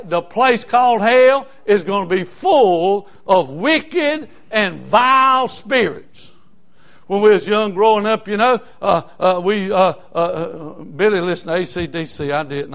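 Preacher, male, high-pitched, fervent and filler-heavy sermon delivery. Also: fairly bright tone. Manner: fervent, repetitive, many fillers.

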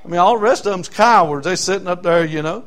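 High-voiced Southern preacher. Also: male voice, fast, fairly bright tone. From South Carolina. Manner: folksy storytelling, fervent. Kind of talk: sermon.

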